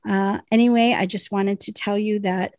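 A woman's voice: mid-range voice, fairly even intonation, moderate pace, a little mellow, no room sound. A woman co-hosting a podcast, chatting casually and reading listener emails aloud, breaking into laughter. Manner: chatty, reads letters with bursts of laughter. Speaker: podcast co-host.

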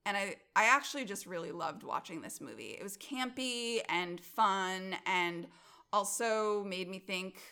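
A woman's voice: mid-range voice, lively intonation, measured pace, creaky, pushed and bright, clear, resonant tone. A woman co-hosting a podcast, talking casually and enthusiastically about a movie, with lots of filler words. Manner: enthusiastic, many filler likes. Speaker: podcast co-host. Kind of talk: casual film discussion.

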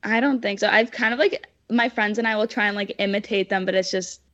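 A woman's voice: mid-range voice, fairly even intonation, fairly quick, fairly bright tone, no room sound. A teenage girl from Canada, a podcast guest, chatting casually with many "like" fillers. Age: teens. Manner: chatty, lots of "like" fillers, giggly. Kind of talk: casual interview chat. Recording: dull, dry lo-fi sound.

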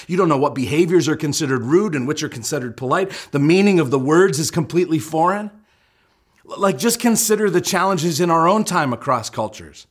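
Brief: middle-aged pastor, slightly high voice, explanatory sermon delivery with emphatic key points. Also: male voice. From United States.

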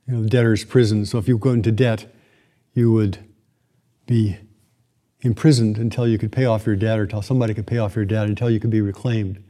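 A man giving a sermon, retelling a classic story with reflective, slow dramatic pauses. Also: fairly low pitch, little pitch movement, mellow.

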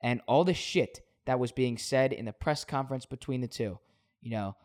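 A man co-hosting a sports podcast, telling a story in an animated casual way with frequent swearing. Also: medium pitch, moderate pace. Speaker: podcast co-host.

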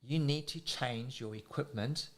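A man with a South African accent, a surf coach explaining technique in casual talk, getting excited and using everyday comparisons. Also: medium pitch, a little slow.

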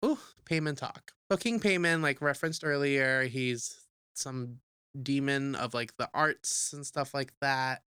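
Young adult co-host, casual movie recap, animated and profane, smooth clear voice, dry close sound. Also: medium pitch, no room sound. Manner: animated, profane, jokey storytelling; acts out characters in quick asides. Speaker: podcast co-host.

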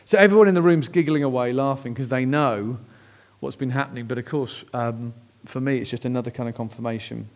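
Pastor telling a lively story. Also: male voice, mid-range voice, a little fast. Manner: lively personal storytelling, conversational. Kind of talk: storytelling sermon.

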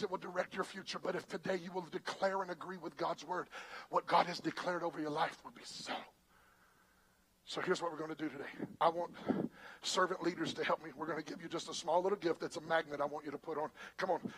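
Emphatic high-voiced male pastor. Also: a bit bright, poor audio. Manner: emphatic, storytelling. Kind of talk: sermon. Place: church.

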